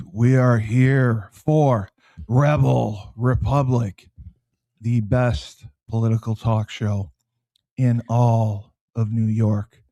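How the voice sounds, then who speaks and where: A man hosting a comedic political talk show, talking in a low, mock-menacing deadpan tone and reading news items aloud. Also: no echo. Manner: reads news headlines aloud.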